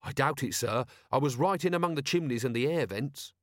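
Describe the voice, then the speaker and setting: A man's voice: mid-range voice, brisk, dry recording, studio quality, voice pushed up, natural voice. A man reading an audiobook, voicing an earnest, dutiful young male watch captain who speaks politely and eagerly.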